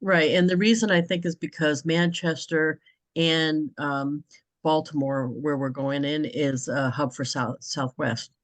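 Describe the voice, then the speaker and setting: A woman's voice: low-pitched, steady tone, unhurried, no room sound. A woman from New England hosting a casual video-call chat, talking freely and laughing often. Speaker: host.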